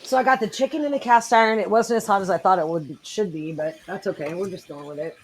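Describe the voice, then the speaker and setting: A woman's voice: medium pitch, quick pace, poor audio. A woman competing as a cook on a live stream, easygoing and playful while describing her cooking. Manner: easygoing and playful, laughs at herself. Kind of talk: casual chat.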